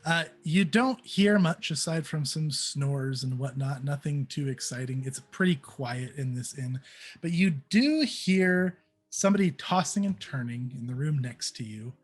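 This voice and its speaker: Game master, man, fairly high voice, playful and easygoing. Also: animated, unhurried, husky. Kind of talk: narrating a tabletop game.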